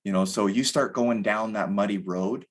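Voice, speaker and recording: A man's voice: lowish voice, normal speed. A man in his thirties, a podcast guest talking candidly in a rambling way, full of fillers. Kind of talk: casual conversation.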